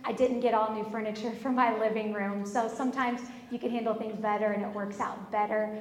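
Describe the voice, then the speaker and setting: A woman in her thirties giving a sermon built on personal stories, animated and acting out the back-and-forth of conversations. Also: fairly high pitch, fairly quick. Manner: animated storyteller, acts out quoted exchanges. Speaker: speaker at a church service. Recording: echoey hall.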